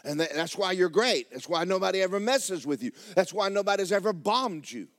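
A middle-aged pastor preaching with a swooping, animated voice that sits a little high for a man. He tells folksy stories and climbs into shouts. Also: fairly quick. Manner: folksy storytelling, rising to shouts. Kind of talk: sermon.

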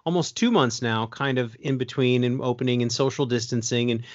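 A man's voice: mid-range voice, steady tone, a little fast, muffled recording. A man who works as a restaurant server, talking in casual chat with a dry, wry manner.

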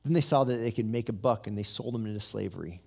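A man preaching a sermon as pastor, telling the story with lively asides and humor, then dropping to a soft, low voice for weight. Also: fast talker, creaky, husky. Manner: drops to a soft, low voice for emphasis.

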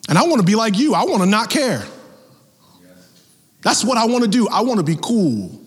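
A man preaching a sermon as pastor, talking in a lively, conversational way with acted-out asides. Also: high voice, normal speed, husky, long reverb tail.

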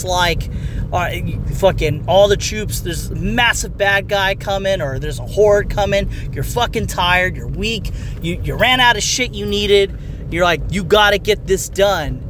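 A gamer talking through a casual game review. They ramble, swear freely, trail off and restart their sentences mid-thought, in a plain mid-pitched voice. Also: background noise. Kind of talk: casual profane rant.

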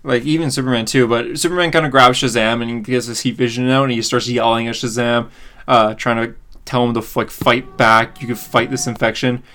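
A man co-hosting a casual comic book podcast, recapping the plot with excitement. He talks at a middling pitch with plenty of fillers and little laughs. The delivery is loose and conversational. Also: fairly quick. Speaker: podcast co-host.

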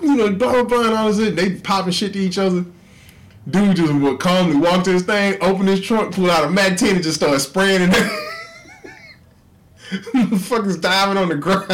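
A man, hosting a podcast and telling profane stories in a casual chat, laughing often. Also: high voice. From Houston, Texas. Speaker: podcast host.

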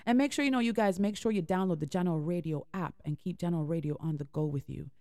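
A woman radio host speaks in an earnest, heartfelt way, repeating lines for emphasis as she encourages her listeners. Her voice has a gravelly edge and a mellow, dark tone. It is recorded close and dry. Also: on the low side, fast talker, no echo. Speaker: internet radio show host. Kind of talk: inspirational talk between music.

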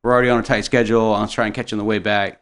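A young adult man telling a rambling, animated story in casual chat, swearing and laughing often. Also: on the low side, rapid-fire, clean tone.

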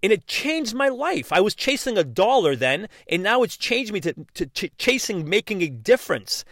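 Earnest guy giving a motivational talk, really animated voice, dry close sound. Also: high voice, moderate pace, no echo. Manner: earnest, emphatic, repeats key lines. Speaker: motivational speaker.

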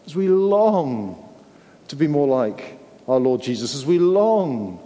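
A man's voice: a little high, very animated, slow pace, dark tone. A man preaching a sermon in an earnest way, often repeating words and asking his listeners tag questions. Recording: long hall reverb.

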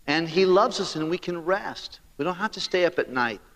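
Animated preaching man in a reverberant hall. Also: on the high side, normal speed. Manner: animated preaching, conversational asides to the congregation. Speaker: pastor. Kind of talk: sermon.

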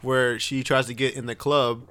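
A man's voice: mid-range voice, little pitch movement, normal speed, a bit bright, clear, resonant tone. A man from Texas co-hosting a casual podcast, chiming in with agreement and swearing freely. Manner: chiming in, profane, laughing along. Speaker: podcast co-host. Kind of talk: casual chat.

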